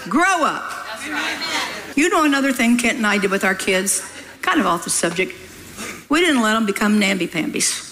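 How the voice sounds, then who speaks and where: A woman's voice: medium pitch, sing-song, normal speed, pauses often, a crowd in the background. An older woman preaching a sermon in a folksy, scolding way, often laughing as she talks. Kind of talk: sermon with read-aloud testimony.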